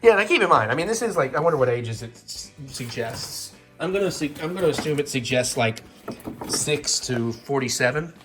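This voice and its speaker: A man hosting a home vlog, joking and thinking out loud while he puts a toy together. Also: medium pitch, lively intonation, moderate pace, music in the background. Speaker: vlog host. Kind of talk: casual chat while assembling a toy set.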